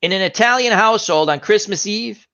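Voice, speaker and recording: A man hosting a casual chat, telling an animated anecdote and acting out the voices of the people in it. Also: high voice, a little fast, clean tone. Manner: animated anecdote teller, acts out quoted voices. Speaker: host. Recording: dull lo-fi stream audio.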